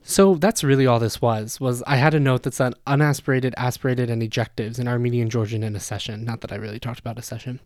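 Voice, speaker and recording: A man's voice: medium pitch, fairly even intonation, fast talker, few pauses, a little mellow, no echo, clean studio sound. A man hosting a casual podcast about learning languages, chatty and self-deprecating, who demonstrates sounds aloud as he explains them. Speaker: podcast host.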